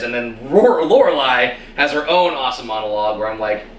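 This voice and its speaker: A man's voice: mid-range voice, fairly quick. A man chatting casually as co-host, animatedly recapping a TV episode. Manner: animated, retells scenes in quoted voices. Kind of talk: casual chat. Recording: roomy echo, distant mic.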